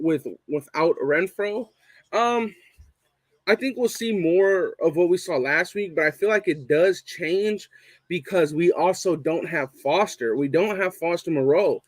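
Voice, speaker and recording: A man's voice: fairly high pitch, dry recording. A young man hosting a casual live fan stream, swearing a lot and repeating his points for emphasis. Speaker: fan show host reading live chat.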